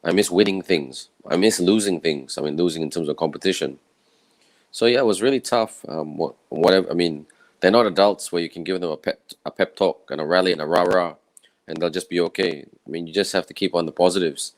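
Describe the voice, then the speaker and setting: A man from Malaysia with a croaky, tired voice, giving an earnest, rambling personal talk from home. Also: low voice, fast talker, dry recording, poor audio. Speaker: event speaker. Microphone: own camera and microphone setup.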